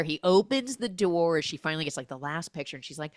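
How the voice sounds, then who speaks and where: A young adult woman hosting a casual, comedic film recap podcast, acting out the characters' lines in quick, exaggerated voices. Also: low-pitched, dry recording, clean studio sound.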